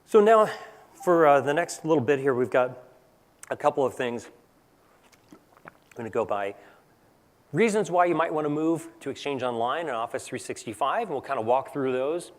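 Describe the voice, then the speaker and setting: A man's voice: mid-range voice, expressive, moderate pace, pauses often, long reverb tail. A man giving a conference presentation in a casual, conversational way, tagging points with "right?". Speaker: technical presenter. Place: large conference hall.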